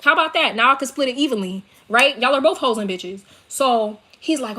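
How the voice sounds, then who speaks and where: A woman's voice: a little high, normal speed, few pauses, sharp tone. A young woman with a New York accent tells a story to her laptop from her bedroom, ranting in a heated, profane, emphatic way. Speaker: vlogger telling a story. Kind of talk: storytime rant to camera. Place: her bedroom, seated on bed. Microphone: laptop built-in mic.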